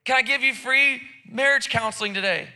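A man's voice: very high voice, fairly quick, pushed and bright. A man preaching a sermon in church, casual and joking, with lots of repeated words and restarts. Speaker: pastor. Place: church service.

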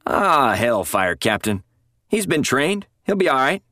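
Man putting on a gruff barking prison colonel. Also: medium pitch, sing-song, a little slow, pushed and bright, no echo, clean studio sound, voice pushed up. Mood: brusque. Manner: curt, dismissive, barking. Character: gruff blustering middle-aged male prison colonel.

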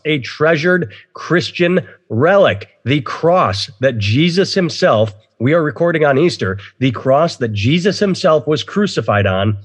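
A man hosting a casual podcast, rambling opinionatedly and swearing freely. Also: fairly high pitch. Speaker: podcast host. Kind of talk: casual chat.

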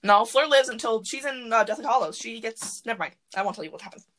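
A woman hosting a podcast from her closet, chatting casually and rambling excitedly with lots of fillers. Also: a little high, fast, a little hiss or hum, poor audio. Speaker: podcast host. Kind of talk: casual chat.

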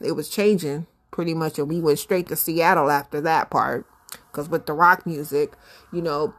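A woman's voice: lowish voice, fairly bright tone. A middle-aged woman hosting her own show, chatting casually and animatedly, laughing often and talking straight to her listeners. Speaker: podcast host. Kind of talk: casual solo commentary.

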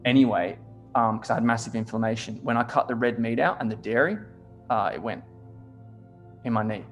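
A young Australian man chats easily at a fairly quick pace in a mid-range voice. He tells stories animatedly, says "like" constantly and swears freely, with faint music under his voice.

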